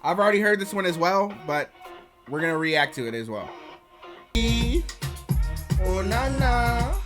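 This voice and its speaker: A man's voice: a little high, lively intonation, fast, music in the background. A young man casually reviewing an album as he reacts to it, slangy and profane, with chatty asides to his viewers.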